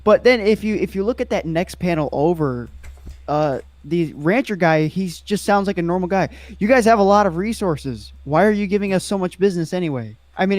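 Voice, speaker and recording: A man's voice: sits high, dry recording. A man giving his take on a comic's writing in a casual podcast chat, hesitant and restarting his sentences as he works out his point. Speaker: comic book reviewer.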